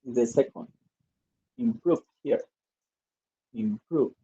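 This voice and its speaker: A man's voice: medium pitch, huge pitch swings, takes it slowly, gravelly, warm tone. A male English teacher, reading exercises aloud and drilling word stress in an online lesson. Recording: dull lo-fi audio.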